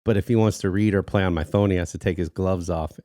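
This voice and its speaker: A man in his thirties, co-hosting a podcast, spins a story in a low, deep voice during casual chat. He's a fast talker, animated and quick to laugh. The sound is dry and close, with no echo.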